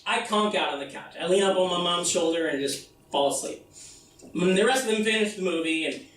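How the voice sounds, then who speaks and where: An American man telling a profane comic story live on stage, breaking into shouted bits. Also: high voice, a little fast, slight background noise. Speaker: comedian. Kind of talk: comedic one-man stage show. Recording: echoey live room, mic far off.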